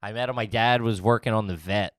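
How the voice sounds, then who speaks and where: A man's voice: fairly low pitch, fairly even intonation, brisk, no room sound, clean studio sound. A man in his thirties hosting a podcast, rambling through casual chat with lots of fillers and laughs. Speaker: podcast host.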